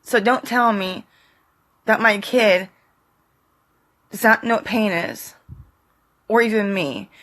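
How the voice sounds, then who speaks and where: Slow, bright-voiced emotional woman vlogger. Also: mid-range voice. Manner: tearful, pleading and defiant; slow, halting delivery with short fragments. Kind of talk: emotional direct-to-camera monologue.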